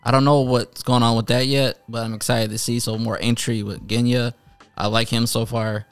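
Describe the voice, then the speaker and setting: A man's voice: medium pitch, level tone, moderate pace, clean tone, no echo. A man casually reviewing an anime episode, retelling scenes in a rambling way with many fillers and restarts. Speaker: anime reviewer, channel host.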